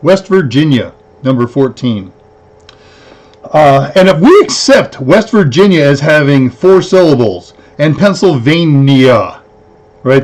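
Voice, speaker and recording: A man with a voice on the high side hosts a weekly tech livestream. He chats casually and ramblingly, counting aloud and correcting himself.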